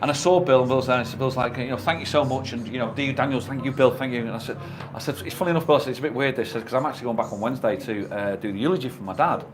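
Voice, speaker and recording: Man in his fifties, radio co-host, casual chat, jokey storyteller, mid-pitched voice. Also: rapid-fire, few pauses, music in the background. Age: 50s. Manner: chatty, jokey storyteller, swears freely. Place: radio studio.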